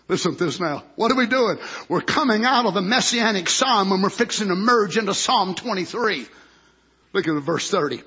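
A preacher, a man with a very high, lively voice, delivers a fervent sermon. His tone is bright and sharp, and he swings between quiet, stretched-out phrases and ringing shouts. The recording sounds dull and lo-fi. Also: moderate pace, breathy edge. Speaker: pastor.

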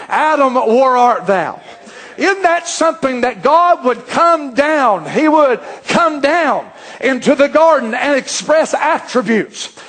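A man preaching a fervent sermon, often rising to shouts. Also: very high-pitched.

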